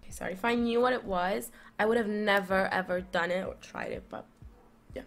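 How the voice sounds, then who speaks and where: A young woman vlogging, telling a story in a rambling, animated way full of fillers and restarts. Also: mid-range voice, brisk, gravelly. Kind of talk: casual storytelling.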